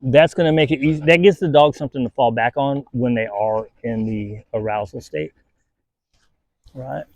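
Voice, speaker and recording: Speaking at a moderate pace in a medium-pitched, somewhat mellow voice, a male dog trainer gives relaxed instructional advice outside and keeps asking "right?" The audio is dry but low in quality.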